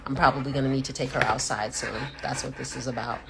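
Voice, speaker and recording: A woman hosting a casual live chat, telling stories with animated reactions and acting out what people said with sudden pitch jumps. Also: fast, gravelly, a crowd in the background. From United States. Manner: animated storyteller who acts out quotes with sudden pitch jumps. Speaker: host.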